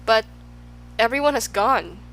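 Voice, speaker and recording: A woman's voice: a little high, expressive, a little slow, a bit bright, rough recording. Woman reading as a polite puzzled boy. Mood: earnest. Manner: polite, earnest, questioning. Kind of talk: audiobook character voice.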